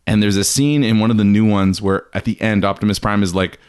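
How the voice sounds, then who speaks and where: A man's voice: lowish voice, fairly even intonation, brisk, darkish tone, smooth. A man hosting a podcast, telling a story in casual chat and acting out jokey quotes. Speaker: podcast host.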